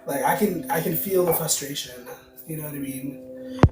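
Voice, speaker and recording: As a tarot card reader running a casual livestream, a man talks loosely and answers viewer comments out loud. His slightly high voice moves at a moderate pace, recorded roomy and distant with background music.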